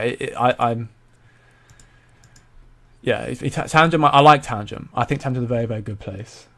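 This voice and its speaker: A man's voice: medium pitch, a bit bright. A young man hosting a casual crypto commentary stream, rambling with many stumbles and repeated words while reading viewer comments. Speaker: crypto channel host.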